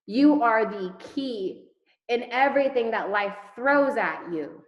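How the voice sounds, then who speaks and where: A high-voiced woman speaks slowly but with animation, rallying her network marketing team over video with rhetorical questions, repeated words and casual cursing. The sound is reverberant, with the highs cut off.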